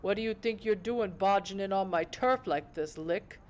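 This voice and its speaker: A woman's voice: medium pitch, normal speed, a little mellow, natural voice. A woman voicing a menacing male street-tough vampire thug who swaggers, curses and threatens. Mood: taunting.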